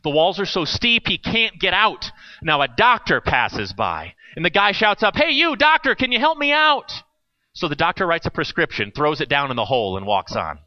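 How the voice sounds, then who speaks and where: A man preaching in a loose, conversational way, his higher voice rising and falling all over the place. He swings from loud bursts to near hush. The recording sounds dull, lo-fi and dry. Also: very animated, normal speed, dry recording. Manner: conversational, with sudden dramatic swings between loud and hushed. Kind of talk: sermon.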